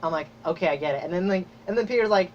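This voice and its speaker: A man hosting a podcast, chatting casually and excitedly, rambling with lots of fillers and acted-out reactions. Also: high voice, very fast. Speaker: podcast host. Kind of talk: casual chat. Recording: dull lo-fi audio with faint noise.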